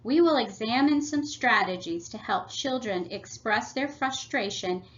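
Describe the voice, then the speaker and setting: A woman presenting a family workshop, reading a prepared script in a measured, instructive way. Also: fairly high pitch, animated, fairly bright tone. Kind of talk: scripted read-aloud presentation. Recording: slightly dull lo-fi audio.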